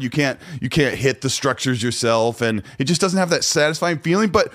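A man hosting a podcast with an ordinary mid-pitched voice. He chats in a casual, rambling way, full of filler words and easygoing asides. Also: a little fast, a bit bright. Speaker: podcast host. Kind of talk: casual chat.

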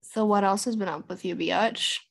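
A woman's voice: mid-range voice, moderate pace, gravelly. A young woman co-hosting a podcast, telling stories in casual chat, swearing and saying "like" and "literally" a lot. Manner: chatty storyteller, swears, says "like" and "literally" a lot. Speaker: podcast co-host.

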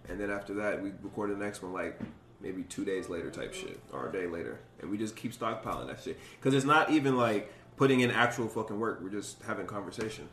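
A man's voice: fairly low pitch, brisk, a bit bright. A man co-hosting a casual podcast chat, blunt and swearing freely. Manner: blunt, heavy swearing, laughs easily. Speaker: podcast co-host. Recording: roomy echo.

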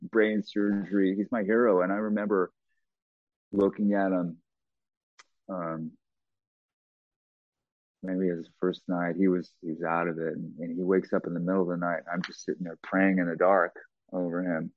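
A middle-aged man being interviewed, telling a personal story bluntly and profanely, with halting restarts. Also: low voice, little pitch movement, dry recording. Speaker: guest. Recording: tinny phone-like line, dry.

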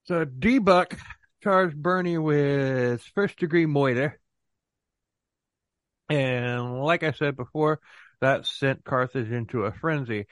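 A man's voice: medium pitch, slow, long pauses, no room sound. A man hosting a casual podcast chat, joking sarcastically and laughing often. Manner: dry sarcastic humor, frequent laughing. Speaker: podcast host.

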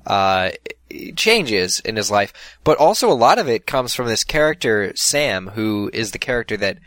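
A man's voice: on the low side, sing-song, normal speed, a bit bright, dry recording. A man co-hosting a casual chat about films, rambling with many restarts and fillers.

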